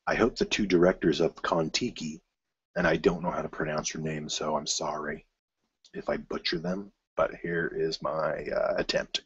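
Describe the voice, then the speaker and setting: A man with a low, slightly husky voice hosts his own film news show. He rambles casually, stumbling over restarts and fillers, then breaks into bursts of excitement. The recording is dry and a little muffled. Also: normal speed, no room sound.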